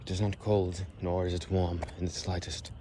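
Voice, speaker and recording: Guy with a really low voice just rambling on a walk outside, wordy and amused with himself, bit of faint outdoor hiss behind him. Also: little pitch movement. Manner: unhurried, wordy and self-amused, drifting into soft murmurs. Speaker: vlogger. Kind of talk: rambling walk-and-talk monologue.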